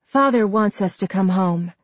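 A woman's voice: mid-range voice, moderate pace, no echo, lightly acted. A woman voicing a cruel, confident duplicate of a teenage girl, speaking with a mocking edge.

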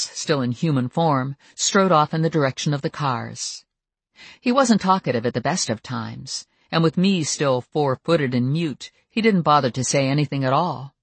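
Audiobook narrator, mid-pitched, steady storytelling, dry close recording. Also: breathy edge, dry recording.

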